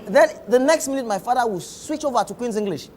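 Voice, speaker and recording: A man's voice: extremely high pitch, animated, fast, a little mellow, a little hiss or hum. A Nigerian man with a Nigerian accent, hosting a talk show and eagerly asking questions. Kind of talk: interview conversation.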